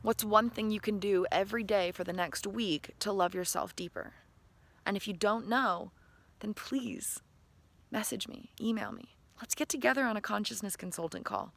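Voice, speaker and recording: Gravelly, bright-voiced woman coaching viewers. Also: mid-range voice, fairly quick, no room sound. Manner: enthusiastic, breathy and playful, laughing often. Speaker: self-help vlogger. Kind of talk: motivational talk to camera.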